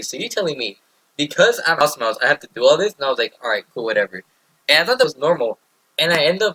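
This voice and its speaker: Husky young man telling a rambling story. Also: medium pitch, sharp tone, dry recording, low-quality recording. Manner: rambling, filler-heavy, frequent swearing. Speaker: podcast host. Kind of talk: casual storytelling.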